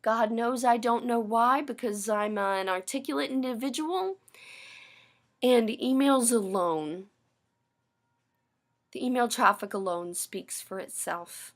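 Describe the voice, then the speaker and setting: Woman vlogger, fairly high-pitched, profane and cuttingly sarcastic personal rant. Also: takes it slowly, long pauses.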